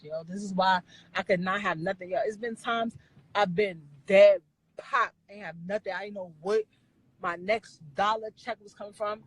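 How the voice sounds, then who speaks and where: A woman's voice: medium pitch, a bit bright, breathy edge, dry recording, rough recording. A woman on a live stream scolding her viewers in a blunt, profane rant, repeating phrases for emphasis. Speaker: livestreamer talking to viewers.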